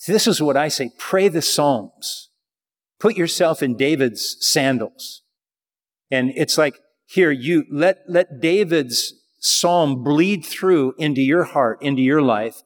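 Guy preaching a sermon, kinda high voice, chatty, reads scripture slow. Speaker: pastor.

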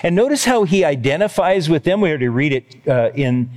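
A man's voice: a little high, animated, fairly quick, a little mellow, in a large hall. A male pastor giving a conversational, emphatic sermon to his congregation. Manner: conversational, emphatic preaching with chuckles.

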